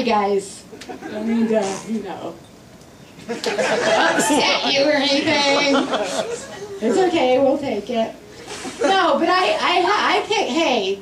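A woman doing a stand-up comedy set in a club, sarcastic and irritated, with a playful edge. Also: sits high. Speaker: stand-up comic. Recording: roomy club sound from far off, loud laughing crowd.

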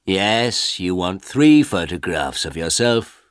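A man voicing a proud, pushy male photographer who talks slowly and boastfully. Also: deep voice, sing-song, clean tone, no echo, clean studio sound, full character voice. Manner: slow, drawn-out, boastful.

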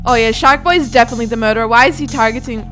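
A woman with a high, bright-sounding voice talks her way through a video game, reacting fast and chattering excitedly. Quiet background music plays beneath her commentary. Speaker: gaming video host. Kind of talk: live gameplay commentary.

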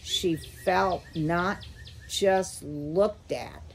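A woman slowly reading a children's chapter book aloud to listeners. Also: on the low side, vocal fry, a little hiss or hum. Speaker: storyteller.

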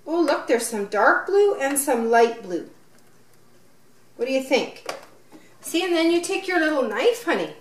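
A woman's voice: high-pitched, sing-song, a little slow, long pauses, a little hiss or hum. A woman filming herself playing with her young child, encouraging him and asking lots of questions in a sing-song way. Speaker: parent filming play with her toddler. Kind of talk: unboxing and play vlog. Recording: roomy, from mic distance.

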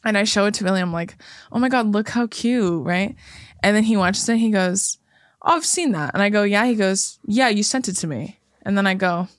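A woman guest on a podcast tells a story in relaxed chat, acting out the voices of the people in it. Her voice is middle-pitched. The sound is close and dry. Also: fairly quick, no room sound. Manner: expressive, acts out quotes, swears. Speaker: guest co-host.

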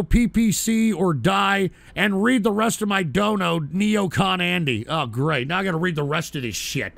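A male show host with a high-pitched, gravelly voice, recorded dry and close. He rants bluntly and profanely, and his talk keeps breaking into loud shouting. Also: dry recording. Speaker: host of a call-in politics show. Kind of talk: casual livestream rant.

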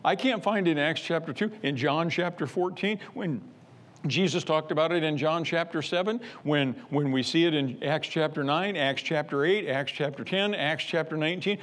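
A man's voice: on the high side, lively intonation, normal speed. Emphatic man preaching a sermon. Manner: emphatic, repetitive, rising to loud bursts. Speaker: pastor.

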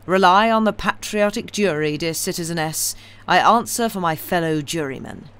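Croaking bloodthirsty man who relishes every cruel word, a woman doing him. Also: fairly low pitch, lively intonation, normal speed, a bit bright. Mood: gloating. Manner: relishing, gloating. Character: bloodthirsty male juryman, croaking gloater.

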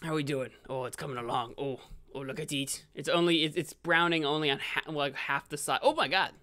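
A young man live-streaming a video game, rambling and correcting himself, with sudden excited outbursts. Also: fairly high pitch, a little fast.

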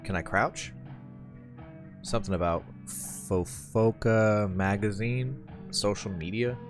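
A man giving casual gameplay commentary, relaxed and wry, thinking aloud as he plays. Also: fairly low pitch, slow pace, faint music behind. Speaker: gamer, channel host.

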